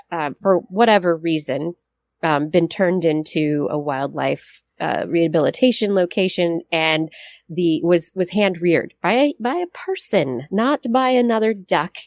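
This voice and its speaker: A woman's voice: lowish voice, a little mellow, no room sound. Lady explaining science stuff on a podcast, laughs a lot, super dry mic. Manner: explanatory, laughs easily, self-correcting. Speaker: co-host. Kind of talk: casual science podcast chat.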